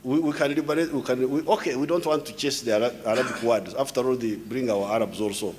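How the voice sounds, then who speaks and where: A man addresses a crowd without a script. His pitch is mid-range, and he speaks in a lecturing way, explaining word by word. He often stumbles, restarts and repeats words. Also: fast talker, darkish tone, slight background noise. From Uganda. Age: 70s. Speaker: head of state giving a speech. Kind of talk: unscripted public address.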